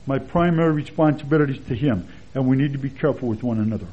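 A man giving a conversational expository sermon as a Bible teacher, relaxed and chatty, with anecdotes and chuckles along the way. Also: mid-range voice, racing, breathy edge. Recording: dull lo-fi sermon recording.

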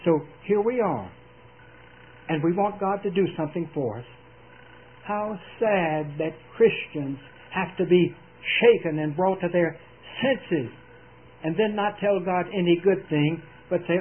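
Preacher guy, high voice, tinny old radio sound with a little hiss, earnest and emphatic. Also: a little slow. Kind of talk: sermon.

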